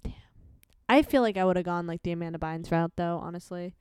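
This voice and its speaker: A woman's voice: on the low side, a little fast, darkish tone, clear, resonant tone, dry recording, clean studio sound. Laid-back young woman chatting on a podcast. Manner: storytelling, frequent laughter and quoted voices. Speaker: podcast co-host. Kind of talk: casual chat.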